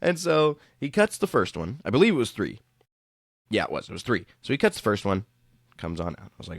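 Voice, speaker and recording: A young man telling anecdotes in a casual podcast chat, voicing the people he quotes in high tones. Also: sing-song, a little fast, vocal fry, no room sound, clean studio sound.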